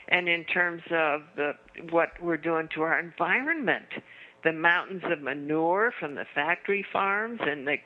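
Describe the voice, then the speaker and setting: A woman's voice: on the low side, narrow, tinny audio. An older woman, a guest author, telling stories earnestly in a conversation. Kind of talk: storytelling in a conversation.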